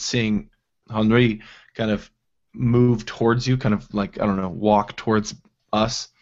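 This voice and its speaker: A man playing a tabletop role-playing game, urgent when speaking in character. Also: mid-range voice. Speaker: player. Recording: dull lo-fi sound.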